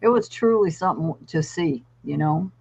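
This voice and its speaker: A woman guest, a therapy dog trainer, telling animated stories on a podcast. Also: low-pitched, normal speed, vocal fry, dull audio, a little hiss or hum. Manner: animated storyteller acting out voices. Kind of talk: podcast storytelling.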